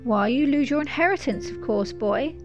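Impatient old lawyer voiced by a woman, curt and snappish, slightly high. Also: lively intonation, normal speed, lo-fi sound, music in the background. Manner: snappish, brusque, clipped.

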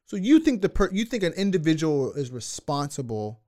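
A man's voice: on the high side, big pitch swings, normal speed, darkish tone. A young man co-hosting a podcast, chatting casually with frequent restarts and questions. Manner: hesitant, restarts often, asks for clarification; laughs while telling stories. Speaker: podcast co-host. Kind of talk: casual discussion.

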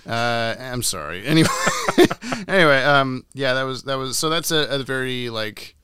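A man's voice: medium pitch, expressive, normal speed, bright, forceful tone, slight background noise. A young man co-hosting a podcast, chatting casually and laughing often. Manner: laughs often, tries funny voices. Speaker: podcast co-host. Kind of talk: casual chat.

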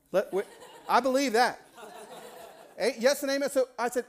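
Animated male preacher telling a story. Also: very high voice, fairly quick, long pauses. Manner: animated, acts out the people in his stories. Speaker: pastor. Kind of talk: sermon with storytelling.

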